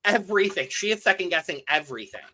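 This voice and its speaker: A bright, sharp voice that climbs and dips as she recaps a reality show. She tells it as a story and acts out what she said while watching. Casual podcast chat between co-hosts. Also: medium pitch, fast talker, low-quality recording. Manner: animated storytelling, acts out her own reactions. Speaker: podcast co-host.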